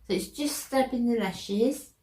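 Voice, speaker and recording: A woman's voice: on the high side, unhurried, mellow. A woman talking viewers through a makeup tutorial in a chatty, step-by-step way. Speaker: makeup vlogger.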